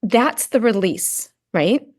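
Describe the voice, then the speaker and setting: A woman's voice: mid-range voice, lively intonation, slow, a little mellow. A middle-aged woman, a podcast guest, telling a personal story earnestly in casual conversation and often adding "right?" to check in. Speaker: podcast guest, grief and Gestalt practitioner.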